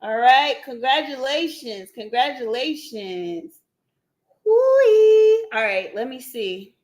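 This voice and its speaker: A woman hosting a live stream in a casual, chatty way. She keeps talking to her viewers as y'all and breaks into excited shouts and laughs. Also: a little high, a little slow. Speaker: livestream host running a giveaway. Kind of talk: casual livestream chat with viewers. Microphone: computer mic on a live stream.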